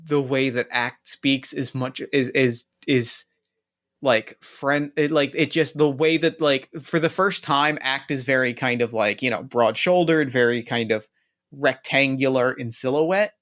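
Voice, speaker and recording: A man's voice: medium pitch, a little slow, fairly bright tone. Rambling man describing his player turn. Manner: rambling, full of "like" and restarts. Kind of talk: describing actions in a tabletop game.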